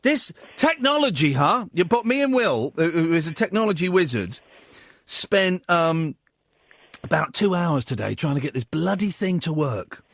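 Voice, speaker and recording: A man's voice: fairly high pitch, very animated, normal speed, dry recording. A man hosting live late-night radio from a studio, chatty and jokey, flustered by fiddly technology. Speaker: radio host. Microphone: studio microphone.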